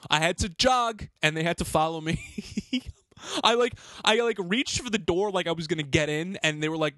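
A man's voice: sits high, wildly swooping pitch, a little slow, sharp tone, dry recording, studio quality. A man who works as a hotel doorman tells a story on a podcast, agitated and swearing, often restarting his sentences. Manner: profane, heated, agitated retelling with many restarts. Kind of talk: casual storytelling.

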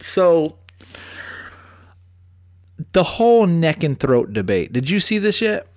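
A man hosting a podcast, telling stories in a crude, animated casual chat. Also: fairly high pitch, slow. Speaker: podcast host.

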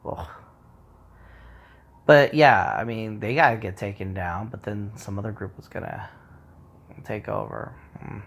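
A man's voice: fairly low pitch, unhurried, gravelly, pauses often. A man talking in a loose, rambling monologue, swearing freely and acting out quoted remarks.

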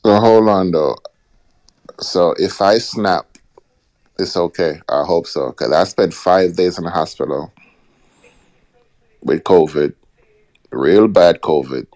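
Brief: low-voiced man, questioning and wry. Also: slow, long pauses, a little mellow. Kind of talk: casual discussion.

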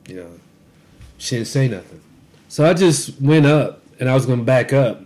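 A man's voice: medium pitch, animated, normal speed, a little mellow. A man co-hosting a podcast, telling rambling, profane stories about his workday with frequent restarts. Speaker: podcast co-host. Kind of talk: casual podcast rant.

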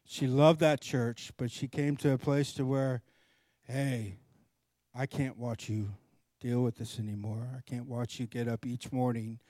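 A man's voice: mid-range voice, measured pace, no echo. Middle-aged guy preaching, tells stories, does the voices, dry close mic. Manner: animated storyteller, acts out both sides of dialogue. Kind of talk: storytelling sermon.

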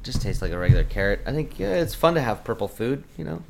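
A man's voice: mid-range voice, sing-song, quick pace, vocal fry, noisy background. A man chatting on a podcast in a laid-back, rambling way, laughing easily and saying "like" a lot. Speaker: podcast co-host and guest. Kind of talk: casual chat.

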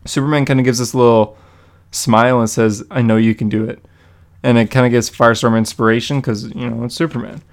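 Dude on a comic podcast going through an issue, excited and rambly, talks right into his mic. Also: mid-range voice, fairly quick. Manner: enthusiastic, rambling with lots of "like". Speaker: podcast host. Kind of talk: casual chat recapping a comic. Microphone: podcast mic, close.

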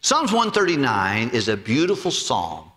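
A man preaching a sermon with animated storytelling, acting out voices and jokes. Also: mid-range voice, a little slow, big-room sound. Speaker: pastor.

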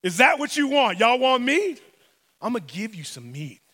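A man's voice: very high-pitched, expressive, normal speed, a bit bright, heavily acted. A man voicing God as an exasperated, sarcastic figure scolding complainers in casual slang. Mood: fed up. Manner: street-slang, mock-fed-up. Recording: long hall reverb.

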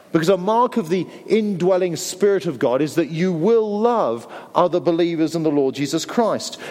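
A man's voice: on the high side, a little mellow, in a large hall. A middle-aged Englishman preaching a sermon in a conversational way with wry asides.

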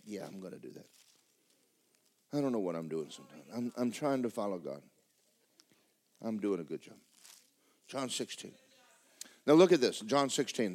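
Middle-aged male preacher, folksy, animated swoops, bursts into shouting. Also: fairly low pitch. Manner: folksy storytelling, rising to shouts. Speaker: pastor. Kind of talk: sermon.

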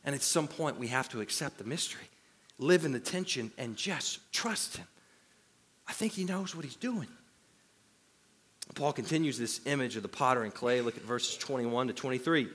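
A male pastor preaching a sermon in an animated way, with self-deprecating humor. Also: medium pitch, normal speed, breathy edge.

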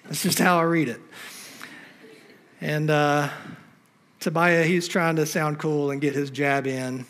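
A pastor preaching a sermon on a church stage, emphatic and fond of rhetorical questions to the congregation. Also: male voice, fairly high pitch, flat delivery, takes it slowly, pauses often, a bit bright.

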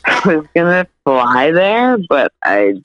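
A woman's voice: deep voice, big pitch swings, slow, highs cut off, very noisy. A chatty woman from New Hampshire in casual conversation, often saying "like" and swearing. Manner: chatty, swearing, uses "like" a lot. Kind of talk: casual chat.

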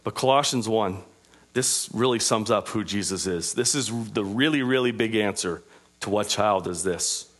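This pastor, a man delivering a sermon, shifts from forceful, raised declarations to soft, chatty side remarks. He speaks casually with lots of fillers, in a lowish voice with a breathy edge.

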